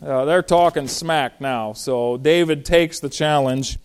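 A man teaching through a Bible passage verse by verse in a conversational, animated way, with frequent fillers and restarts. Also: a little high, slow, clear, resonant tone. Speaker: pastor.

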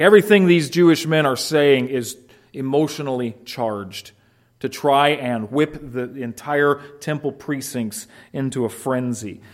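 A man preaching a sermon, explaining a passage verse by verse with rhetorical questions and acted-out quotes. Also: a little high. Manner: animated, rhetorical questions, acts out quoted shouts. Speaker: pastor. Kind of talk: expository sermon.

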